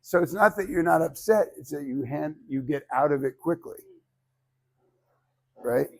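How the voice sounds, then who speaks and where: A man's voice: fairly high pitch, expressive, unhurried, vocal fry, darkish tone. A man teaching a public speaking class, talking casually and animatedly, acting out quoted voices and swearing freely. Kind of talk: informal class lecture.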